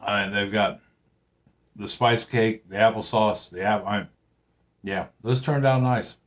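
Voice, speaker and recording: Rambling, friendly man with a lowish voice. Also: steady tone, unhurried. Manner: rambling, friendly, many fillers and restarts. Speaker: home cooking vlogger. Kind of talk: casual chat.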